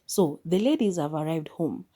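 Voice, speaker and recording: A woman podcast host retelling a film's plot in a chatty, casual way, with quick asides and restarts. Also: deep voice, lively intonation, warm tone. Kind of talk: casual movie recap.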